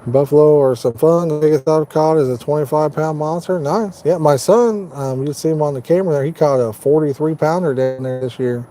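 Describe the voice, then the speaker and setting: A man's voice: on the high side, fairly quick, few pauses, dark tone. A man from Indiana, hosting a fishing live stream from inside his truck and chatting casually with viewers by name. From Indiana, United States. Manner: folksy, easygoing, talks to viewers by name. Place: inside a parked truck at night.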